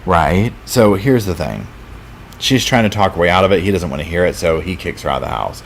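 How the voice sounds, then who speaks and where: Man, very low voice, casual true crime livestream host, rambling storyteller, faint background noise. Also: lively intonation, fairly quick, creaky. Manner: casual storytelling, acts out quotes, lots of fillers. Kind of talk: live chat recap of a docuseries.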